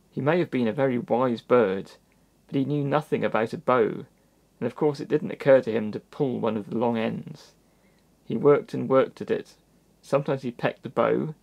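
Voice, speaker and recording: A man reading a children's storybook aloud in a gentle manner, with little asides to the listener. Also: mid-range voice, gravelly. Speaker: storybook reader.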